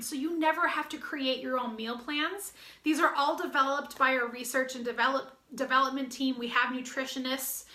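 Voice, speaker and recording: A woman's voice: sits high, bright, forceful tone, reverberant. An American woman coach giving an upbeat, chatty promotional talk, slightly out of breath, with fillers and restarts. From United States. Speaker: fitness business coach.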